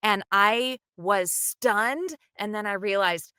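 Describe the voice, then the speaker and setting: A woman's voice: medium pitch, takes it slowly, pushed and bright, clean tone, no echo, clean studio sound. A woman, a dub director, talking animatedly in an interview and acting out the lines she quotes. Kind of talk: interview, behind-the-scenes talk.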